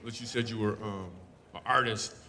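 On the low side and steady, with a sharp tone, this man's voice keeps a moderate pace as he does stand-up. Crowd work through a handheld mic has him teasing the audience playfully and laughing often. A live audience in a reverberant hall laughs faintly in the background of the comedy show.

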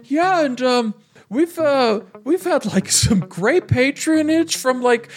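A man's voice: very high-pitched, voice pushed up. A man voicing a cheerful male kobold priest who rambles eagerly with lots of fillers.

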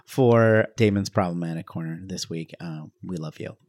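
A man co-hosting a podcast, easygoing in casual chat and brisk when reading the show's plugs. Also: sits low, a little mellow. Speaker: podcast co-host.

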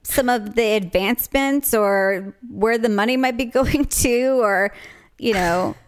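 A woman's voice: a little high, a little slow. A woman co-hosting a casual chat, easygoing and teasing, often laughing. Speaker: podcast co-host.

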